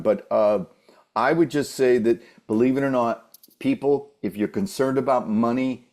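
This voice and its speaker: A man talking as a guest voice-over coach, giving casual advice in an animated way that acts out quoted voices. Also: fairly low pitch.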